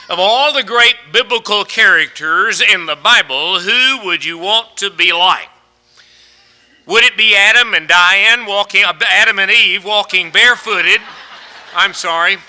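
A man's voice: sits high, unhurried, sharp tone, low-quality recording. A man preaching a folksy sermon, asking his congregation question after question and stretching out the key words. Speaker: pastor.

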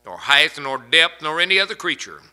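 A male preacher with a very bright, ringing voice, pitched a little high for a man. He swings from loud, emphatic peaks to hushed low phrases, and he stretches out quoted scripture slowly for weight. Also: sing-song. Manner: quotes scripture in slow, drawn-out delivery. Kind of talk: sermon.

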